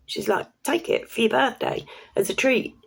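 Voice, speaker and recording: A woman telling a personal story to camera in a chatty, excitable way, with casual swearing and slang. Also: fairly high pitch, normal speed, gravelly, husky. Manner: chatty, excitable, laughs while telling stories. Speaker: vlogger.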